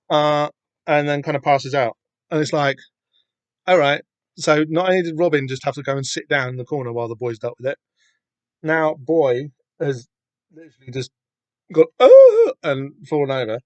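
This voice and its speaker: A podcast host with a slightly high voice rambles casually about a comic as he reads through it, with lots of fillers and restarts. There's no echo.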